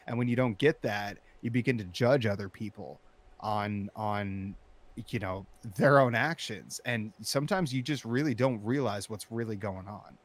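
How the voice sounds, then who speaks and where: Low-voiced man telling a heated story. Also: normal speed. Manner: animated, profane, rising to shouting when recounting anger. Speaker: storyteller in interview. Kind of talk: casual conversational storytelling.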